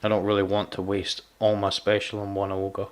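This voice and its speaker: A man's voice: fairly low pitch, completely flat delivery, a little fast. Man, gaming streamer, chatty, teasing, stammers and restarts. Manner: chatty, repeats words, teasing. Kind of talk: casual live gameplay chat.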